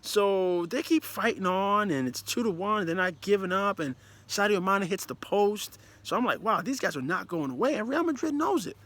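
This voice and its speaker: Talking as a player and manager, a football commentator with a high-pitched voice reviews a match at a moderate pace. His delivery is casual, animated and emphatic, rambling with frequent restarts.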